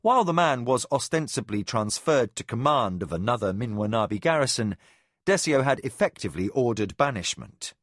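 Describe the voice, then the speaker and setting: A man reading a fantasy novel aloud in measured, expressive scripted narration. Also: medium pitch, dry recording, studio quality. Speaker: audiobook narrator.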